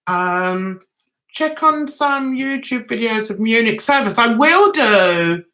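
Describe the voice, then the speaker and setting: A woman's voice: fairly high pitch, animated, takes it slowly, a bit bright. A middle-aged woman from London with a London accent, chatting casually with viewers on a livestream, greeting them by name and reading out their comments. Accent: London English. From London, England. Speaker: livestream host.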